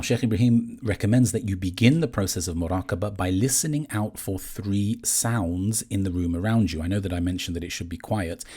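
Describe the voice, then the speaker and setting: Deep husky man teaching meditation. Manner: calm, measured, gently explaining. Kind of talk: guided instruction on meditation.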